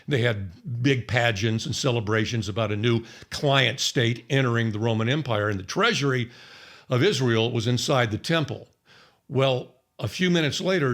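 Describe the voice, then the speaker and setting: A man's voice: medium pitch, normal speed, a bit bright. A man teaching on the Bible in a conversational storytelling way, acting out the people he quotes. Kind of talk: sermon-style Bible teaching.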